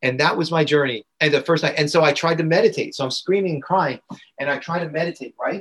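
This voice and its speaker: A man's voice: a little high, fast, a bit bright, husky. Earnest man retelling a hard experience. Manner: earnest, repeats phrases for emphasis. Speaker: podcast guest, integration coach. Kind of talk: personal storytelling in conversation.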